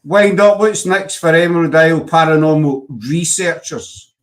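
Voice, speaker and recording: A man hosting a chat show, joking around and steering the guest with quick questions. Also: on the high side. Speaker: host. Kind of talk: casual chat.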